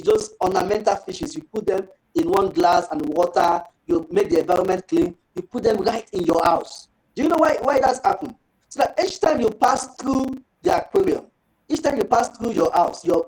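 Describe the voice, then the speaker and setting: Lively man teaching fish farming. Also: high voice, low-quality recording. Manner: lively, rhetorical, acts out dialogues. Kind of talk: training talk.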